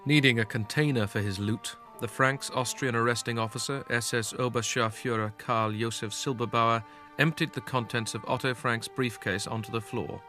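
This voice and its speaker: A man reading documentary narration from a script in a measured, even way. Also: medium pitch, soft background music.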